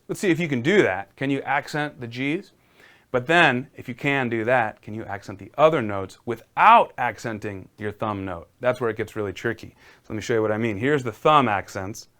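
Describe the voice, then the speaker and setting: A man's voice: mid-range voice, expressive, moderate pace, a bit bright. A man teaching a casual live-streamed piano lesson, encouraging and talking viewers through exercises.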